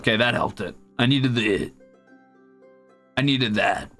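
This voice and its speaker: Over faint background music, a man with a mid-range, slightly bright voice chats unhurriedly while drawing on a stream. He rambles casually, mutters to himself, and teases his cat.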